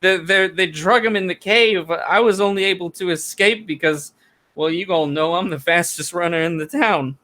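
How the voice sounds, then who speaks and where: A man's voice: high-pitched, normal speed, pushed and bright, pitched above the performer's own voice. A man voicing a frightened, shaken male survivor who stammers and repeats words, trembling near tears.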